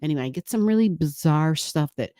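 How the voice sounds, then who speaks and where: A woman's voice: low voice, lively intonation, fast, warm tone, no echo, studio quality. A woman hosting an astrology channel, explaining in a casual, playful, chatty way to camera. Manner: playful, laughing, chatty with quoted asides.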